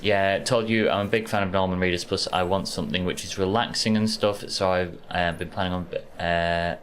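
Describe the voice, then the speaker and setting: A man's voice: low voice, fairly even intonation, moderate pace, a bit bright. A man with a Yorkshire accent chatting casually to viewers while streaming a game from his bedroom, easygoing and rambling. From Yorkshire, England. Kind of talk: casual live-stream chat while gaming. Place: warm home bedroom.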